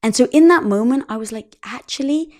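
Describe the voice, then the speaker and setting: A woman's voice: fairly high pitch, fast. A middle-aged woman speaking as a guest in a conversational interview, telling stories animatedly and acting out the dialogue. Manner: animated storytelling, acts out quoted dialogue. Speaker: podcast guest.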